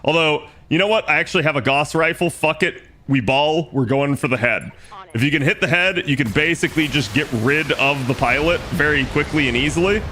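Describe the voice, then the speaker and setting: A man's voice: fairly high pitch, brisk, pushed and bright. A man streaming a strategy game, casually explaining his moves aloud and swearing now and then. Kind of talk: casual gameplay commentary.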